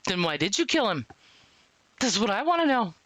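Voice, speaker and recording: A streamer voicing a hard-nosed male police detective in a video game, speaking low and accusing. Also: sing-song, moderate pace, fairly bright tone, no room sound. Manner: accusing, blunt.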